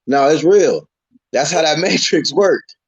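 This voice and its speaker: A man's voice: fairly high pitch, lively intonation, measured pace, husky, dry recording. A man hosting a casual spiritual chat, talking in a laid-back, slangy and encouraging way. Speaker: podcast host.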